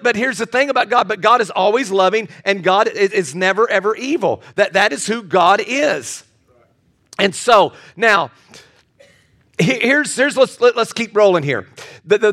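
A middle-aged man preaching with a strikingly high voice. He is impassioned and stumbles over restarts and repeated words. He keeps throwing questions out to his listeners. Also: a bit bright. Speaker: pastor. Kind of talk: sermon.

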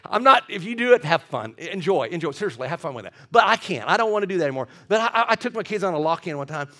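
High-voiced animated preacher man. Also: quick pace. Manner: animated, stammering repeats, laughs often. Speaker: pastor. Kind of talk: sermon.

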